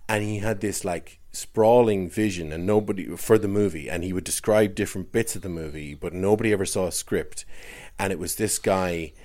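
A man's voice: low-pitched, brisk, a little mellow. An Irish man telling a long, rambling story in casual chat, often restarting his sentences and laughing as he goes. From Ireland.

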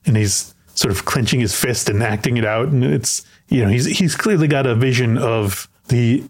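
A man's voice: mid-range voice, normal speed. A man hosting a podcast, chatting casually about a film and often repeating words as he thinks aloud. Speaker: podcast host.

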